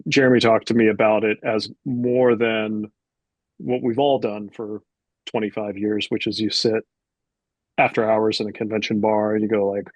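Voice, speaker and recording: A man in his forties tells a story, his low voice slightly husky and recorded dry and close. He slips into bits of acted-out dialogue within a relaxed, casual telling. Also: moderate pace, no echo, muffled recording. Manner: animated anecdote teller, acts out dialogue. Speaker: publisher, guest.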